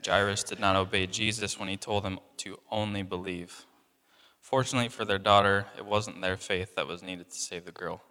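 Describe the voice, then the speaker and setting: A man's voice: low voice, fairly even intonation, normal speed, pushed and bright, in a large hall. A young man giving a casual, conversational sermon, full of fillers and acting out people's reactions. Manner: conversational, many fillers, acts out voices of people in the story. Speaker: preacher.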